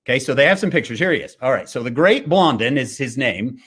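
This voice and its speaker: A man's voice: mid-range voice, expressive, fast, a bit bright, slightly rough. A man giving a devotional fireside talk, telling a story with animation and frequent fillers and restarts. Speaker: speaker.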